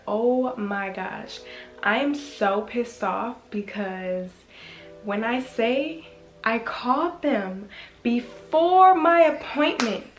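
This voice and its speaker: A woman's voice: medium pitch, roomy sound. A young woman vlogging casually, chatting straight to her viewers with lots of filler words. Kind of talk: casual vlog chat to viewers.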